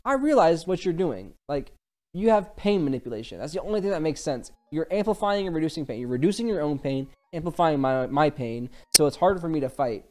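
A man's voice: on the high side, expressive, fairly quick, darkish tone, faint music behind, natural voice. A man voicing a cocky, impulsive teenage boy fighter with slangy, dismissive talk.

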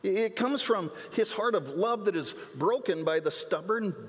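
A man's voice: high voice, expressive, unhurried. A man preaching a sermon as pastor, earnest, often repeating words as he restarts a phrase. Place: church sanctuary. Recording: long church hall reverb.

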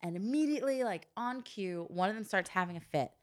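A woman chatting casually about parenting, who often backs up the other speaker with quick "yeah"s. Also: mid-range voice, expressive. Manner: supportive listener, frequent "yeah" agreements. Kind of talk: casual chat.

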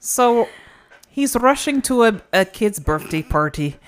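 A woman co-hosting a podcast, recapping a movie in casual chat, giggly and halting as she tells it. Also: a little high, expressive. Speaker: podcast co-host.

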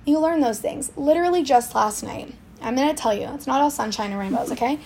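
A young woman, telling a lively story in a casual podcast chat. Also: sits high, a little hiss or hum. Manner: animated storytelling, quick swings in loudness. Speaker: swim school owner, guest.

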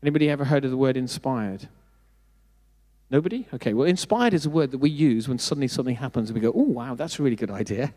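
A man's voice: medium pitch, animated, quick pace, warm tone. A middle-aged man preaching a sermon, speaking conversationally with self-deprecating asides and questions put to the congregation. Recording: long hall reverb.

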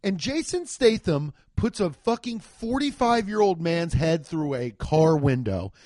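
A man's voice: fairly high pitch, expressive, a little slow, darkish tone, dry recording, clean studio sound. A young man giving a profane, exasperated comedic rant reviewing a movie.

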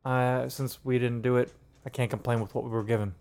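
A man's voice: medium pitch, flat delivery, fairly quick, gravelly, a little mellow. A man co-hosting a casual music review podcast, joking and riffing on puns between talk about songs. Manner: playful, jokey, riffs on puns. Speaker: podcast co-host.

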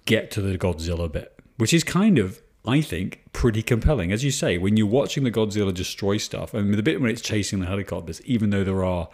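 A man's voice: lowish voice, lively intonation, brisk, few pauses, darkish tone, husky. A man co-hosting a casual film review chat, rambling with restarts and swearing for emphasis. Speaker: podcast co-host.

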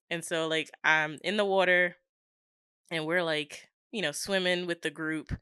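A young woman talks over a podcast mic in a close, dry sound. Her voice is bright and clear, and she tells stories with energy, putting on voices for the people in them. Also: low voice, unhurried, no echo. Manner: animated storytelling, acting out voices. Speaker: podcast co-host. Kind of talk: casual chat.

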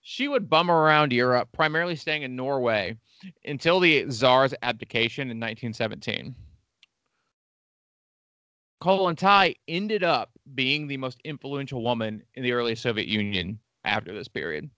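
Bright, irreverent male podcast host. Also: medium pitch, dry recording. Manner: irreverent, joking asides with profanity. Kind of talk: casual history chat.

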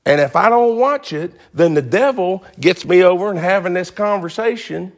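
A man's voice: sits high, lively intonation, normal speed, gravelly. A male pastor preaching a sermon in a folksy, emphatic way, repeating phrases for stress.

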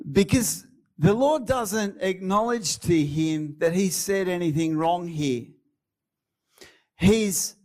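Brief: Australian male preacher, fairly high voice, casual and dramatic by turns. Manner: chatty, laughing asides, dramatic storytelling. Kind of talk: sermon.

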